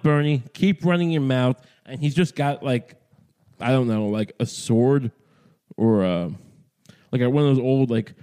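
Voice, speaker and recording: A man's voice: medium pitch, dark tone. Rambling, profane male podcast host. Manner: profane, meandering, self-interrupting. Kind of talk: rambling comedic monologue.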